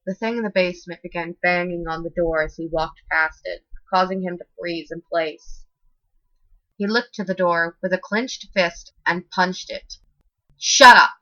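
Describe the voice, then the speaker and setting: A woman with a lowish voice reads a horror story as scripted narration, steady yet expressive. The recording is dry and slightly muffled.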